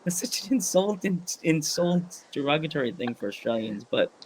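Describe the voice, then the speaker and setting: A man's voice: fairly high pitch, normal speed, a little hiss or hum. A man hosting a podcast, chatting casually and rambling with jokes and laughter. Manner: rambling, joking, laughs often, animated voices in quotes. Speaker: podcast host. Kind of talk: casual interview chat.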